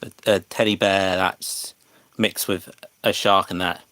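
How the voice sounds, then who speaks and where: Slow, low-voiced English man streaming. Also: flat delivery, fairly bright tone, no room sound. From England. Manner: hesitant, many fillers and restarts, chats to viewers. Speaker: livestreamer. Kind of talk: casual livestream chat.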